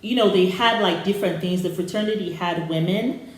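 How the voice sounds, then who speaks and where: Soft-spoken woman in an echoey room. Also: lowish voice, brisk. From Sierra Leone. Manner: rambling, many fillers and restarts. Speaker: co-host reviewing a docuseries. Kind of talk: casual storytelling.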